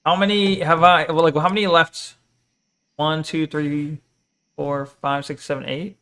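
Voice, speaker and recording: A man's voice: on the high side, level tone, measured pace, a bit bright, clean tone. A man casually chatting and joking while streaming a game, reading chat aloud and swearing now and then. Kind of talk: casual live game commentary.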